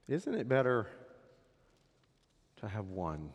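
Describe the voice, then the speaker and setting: A man preaching a sermon as a pastor, swinging from loud emphatic peaks down to hushed, quiet drops. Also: mid-range voice, very animated, measured pace, pauses often. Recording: long hall reverb.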